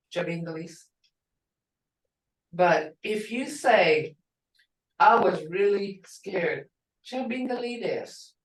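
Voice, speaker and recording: An older woman teaching a language class, who speaks slowly and patiently and repeats each word so her students can hear its tone. She is heard from some way off the mic, in a room with a noticeable echo. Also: mid-range voice. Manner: patient, repeats words to model tones. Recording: roomy, distant from the mic.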